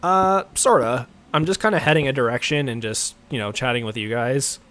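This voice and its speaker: A man with a deep voice chatting casually while he plays a game on a livestream, rambling and filler-heavy, often chuckling. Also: fairly quick, a bit bright. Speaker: livestream gamer. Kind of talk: casual gameplay chat.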